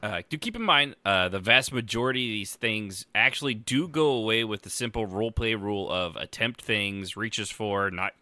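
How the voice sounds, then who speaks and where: A man's voice: fairly low pitch, animated, normal speed, hardly any pauses, bright, forceful tone, no echo. A man co-hosting a casual podcast about role-play, rambling and joking, with the odd swear word. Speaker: podcast co-host. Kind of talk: casual chat.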